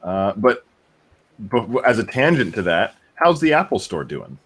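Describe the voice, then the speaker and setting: A man's voice: fairly low pitch, big pitch swings, measured pace, fairly bright tone. A man co-hosting a casual podcast, steering the talk with curious questions. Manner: curious, asks lots of questions. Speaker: podcast co-host. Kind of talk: casual chat.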